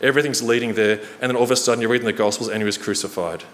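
A man preaching a sermon in a church hall, earnest and storytelling, slowing and quickening for emphasis. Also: medium pitch, steady tone. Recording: reverberant hall, faint noise.

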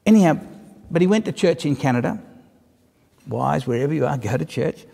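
A male preacher with a fairly high voice tells a story from the pulpit, easy and conversational, slipping in dry humorous asides. His words ring out with the long reverb of a large church hall. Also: lively intonation, a little fast, vocal fry, dark tone. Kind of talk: sermon.

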